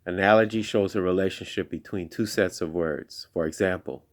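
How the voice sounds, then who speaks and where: A man telling a playful story in a slow, hushed, deliberate way, with call-and-response chants. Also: deep voice. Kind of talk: spoken children's storytelling.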